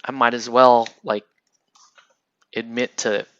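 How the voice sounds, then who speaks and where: A man hosting a casual livestream, rambling excitably and laughing often while he paints miniatures. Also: medium pitch, slow pace, clean tone, dull audio. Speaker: livestream host.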